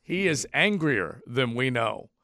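A man's voice: mid-range voice, big pitch swings, takes it slowly, pushed and bright, dry recording, clean studio sound. Wry, easygoing male radio host. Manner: wry, agreeable, joking asides. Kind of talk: casual sports talk. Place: radio studio. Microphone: studio mic.

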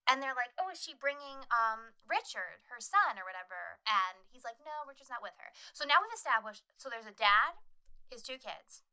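Animated, bright-voiced woman recapping a film. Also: a little high, smooth. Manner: animated, swears often, acts out scenes in quick voices. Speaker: podcast co-host. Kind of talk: casual horror movie recap.

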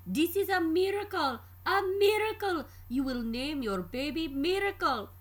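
A woman's voice: very high voice, animated, a little slow, voice pushed up. A woman putting on the voice of an elated male doctor with an Indian accent, his exclamations rising. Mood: overjoyed.

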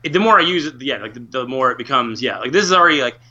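A man's voice: mid-range voice, rapid-fire. A man in casual podcast chat, ranting with lots of swearing. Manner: animated ranting, swears often. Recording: dull lo-fi recording.

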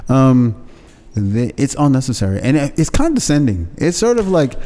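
A man co-hosting a podcast in loose, animated conversation, often slipping into playful impressions. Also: mid-range voice, moderate pace, big-room sound. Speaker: podcast co-host. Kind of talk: casual chat.

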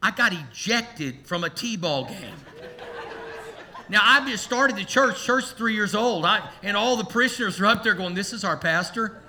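A pastor preaching to his congregation with a very bright, ringing voice pitched a little high for a man. He spins a humorous story with animated, playful energy. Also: normal speed. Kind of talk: sermon.

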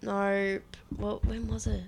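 A woman's voice: mid-range voice, little pitch movement, slow pace, vocal fry, darkish tone. A young woman co-hosting a casual chat podcast, chatty and easily sidetracked. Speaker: podcast co-host.

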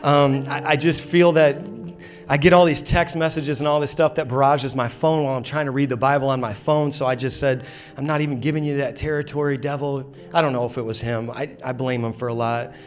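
A man's voice: medium pitch, fairly even intonation, a little fast, soft background music. A man in his thirties preaching a sermon in a church auditorium, telling a funny story with lots of energy and playful acted quotes. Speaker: pastor.

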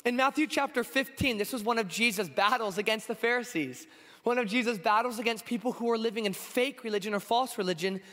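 Hoarse male preacher in his 20s, high-pitched, casual and earnest pulpit delivery, echoing church hall. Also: fairly quick, bright, forceful tone. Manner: conversational, earnest, with frequent fillers. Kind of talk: sermon.

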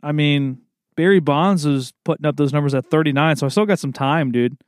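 A young man hosts a loose, rambling solo chat with an easygoing, bro-ish manner, sprinkling "man" and "dude" through every thought. His voice sits a little higher than most men's. The sound is close and dry, with no room echo. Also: a little fast, smooth. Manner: laid-back, rambling, peppers talk with "man" and "dude". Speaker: podcast host.

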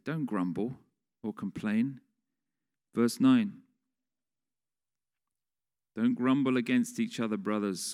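A man's voice: lowish voice, mellow. A man preaching a sermon in a conversational way, putting questions to the congregation. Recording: long reverb of a large hall.

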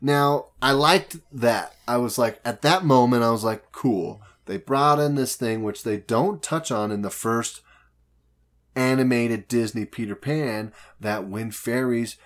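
A man co-hosting a casual chat, recapping a movie and acting out its characters in quick voice shifts. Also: medium pitch. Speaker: podcast co-host.

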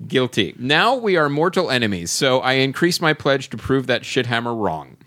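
A man's voice: medium pitch, sing-song, normal speed, fairly bright tone. A man hosting a casual podcast, reading listener comments aloud and laughing often as he goes. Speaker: podcast host.

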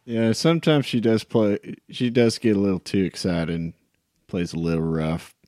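A man's voice: lowish voice, normal speed, darkish tone, no echo, studio quality. A man playing a tabletop game character, brief and friendly. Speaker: player.

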